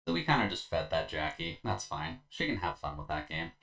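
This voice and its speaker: A man's voice: low-pitched, sing-song, brisk, creaky, sharp tone, faint music behind. A tired man streaming a video game, talking through his play in a laid-back, rambling way with lots of fillers and slightly slurred words. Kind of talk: casual gameplay commentary.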